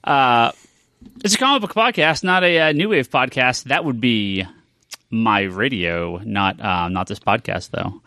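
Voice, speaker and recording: A man's voice: mid-range voice, a little slow, sharp tone, no echo. A man hosting a casual comics podcast, joking and rambling with fillers among friends. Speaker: podcast host. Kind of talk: casual group chat.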